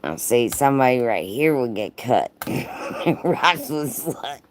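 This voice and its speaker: Low-voiced, teasing, profane woman streamer. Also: big pitch swings, a little slow, slight background noise. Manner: profane, teasing, laughs often, talks to chat by name. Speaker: livestream host. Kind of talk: livestream reading a racy story aloud with commentary.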